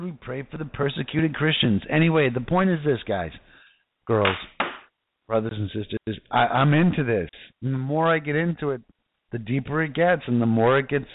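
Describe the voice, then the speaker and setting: A man's voice: medium pitch, dry recording, narrow, tinny audio. A man preaching casually, reading scripture aloud and fervently calling out to his listeners. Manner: fervent, exclamatory, addresses listeners directly.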